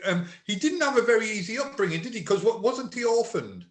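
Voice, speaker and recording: Lively-voiced male interviewer prompting questions. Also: high-pitched, a little fast. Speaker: interviewer host. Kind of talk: conversational interview.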